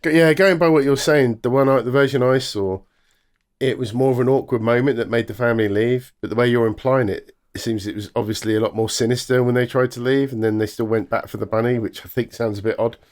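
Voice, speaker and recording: Measured mid-pitched man. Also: fairly even intonation, a little mellow. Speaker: podcast co-host. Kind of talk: casual review chat.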